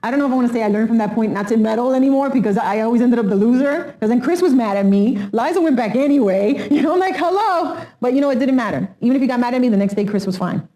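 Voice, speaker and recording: A middle-aged woman recalling family events in a documentary interview, animated, acting out quotes and laughing often. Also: fairly high pitch, very fast, hardly any pauses.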